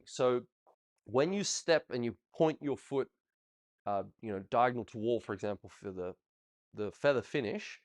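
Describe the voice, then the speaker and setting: A male ballroom coach talks a student through footage in a chatty, encouraging way. His pitch swings widely and keeps the explanation lively. Now and then he counts the steps out loud as he demonstrates. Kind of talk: coaching a student over video review.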